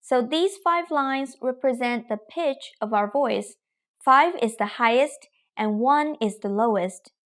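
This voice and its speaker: A woman teaching tones in a patient, clear lesson style. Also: on the high side, a little slow. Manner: patient, drills tones with long sung vowels. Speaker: Mandarin teacher. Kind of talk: clear, slow pronunciation lesson.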